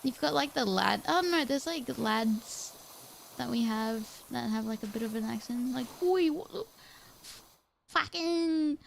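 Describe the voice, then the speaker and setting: A woman's voice: fairly high pitch, moderate pace, creaky, a little hiss or hum. A woman from Australia, chatting casually on a game stream, swearing and laughing freely. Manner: laughs a lot, swears casually, mimics accents. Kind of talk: casual chat over gameplay.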